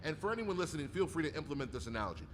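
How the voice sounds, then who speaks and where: A man telling rambling, profane stories in a casual chat and building into loud rants. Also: on the high side, very animated, racing, slight background noise. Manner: profane, rambling storyteller who rants loudly. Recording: long hall reverb.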